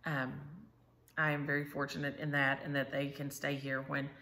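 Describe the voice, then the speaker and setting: A woman's voice: rumbling low, monotone, moderate pace, bright, forceful tone. An older woman, telling stories in casual, chatty talk as host of her stitching channel. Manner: chatty storyteller, says "y'all". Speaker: Flosstube host. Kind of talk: casual chat.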